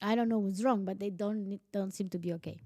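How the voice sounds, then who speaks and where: A young woman from Romania, hosting a podcast and telling a personal story in a chatty, animated way, full of "like" fillers and casual swearing. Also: medium pitch, fairly quick, no echo, studio quality. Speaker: podcast host.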